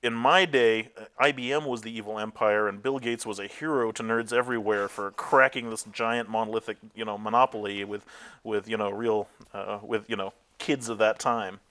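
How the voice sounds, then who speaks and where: A man's voice: lowish voice, fairly even intonation, normal speed, fairly bright tone. A man interviewed as a tech company founder, telling candid stories about his career with frequent fillers and laughing at himself.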